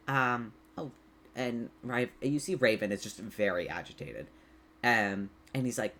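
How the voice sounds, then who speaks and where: Low-voiced woman running a tabletop game. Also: a little slow, a bit bright, slight background noise. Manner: casual, laughing, filler-heavy. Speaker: game master.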